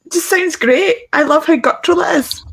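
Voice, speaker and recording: A woman's voice: very high voice, fairly quick. A woman playing a party game in casual chat, arguing her points emphatically and with enthusiasm. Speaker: game player.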